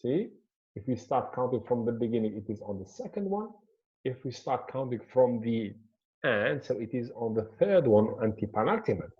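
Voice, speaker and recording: A man teaching English word stress in a slow, repetitive lecture, pointing things out as he explains. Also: medium pitch, very animated, slightly rough, highs cut off. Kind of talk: classroom lecture.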